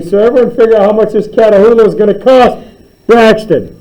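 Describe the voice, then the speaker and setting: A man runs a math class in a classroom, turning problems into silly tall tales about his students. His voice sits a little high, with a dark, mellow tone. He keeps it playful and teasing. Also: a little fast, poor audio. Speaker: math teacher. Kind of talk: classroom teaching with comic story problems.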